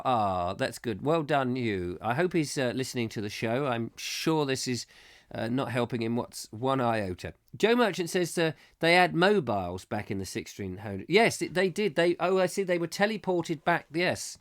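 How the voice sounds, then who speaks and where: A man's voice: medium pitch, lively intonation, moderate pace. Rambling whimsical man. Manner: whimsical, silly, reads viewer comments aloud. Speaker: host. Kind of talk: rambling comic live-stream chat.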